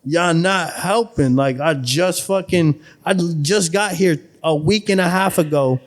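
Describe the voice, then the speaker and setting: A man from Buffalo, New York, talking as a podcast guest, telling his story in a profane, streetwise, animated way. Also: on the high side, a little slow. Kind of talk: casual storytelling chat.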